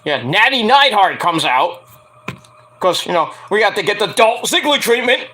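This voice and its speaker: A man rants through a wrestling show recap, animated and sarcastic, with profanity throughout. His voice is high-pitched and bright. His pitch swings widely. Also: moderate pace, slight background noise. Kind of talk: casual rant-style recap.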